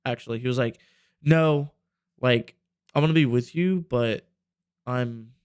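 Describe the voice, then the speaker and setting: A man's voice: mid-range voice, unhurried, a little mellow, smooth, dry recording. A young man co-hosting a podcast, telling a long rambling story in casual chat, full of fillers and swearing. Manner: rambling, profane, filler-heavy. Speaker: podcast co-host.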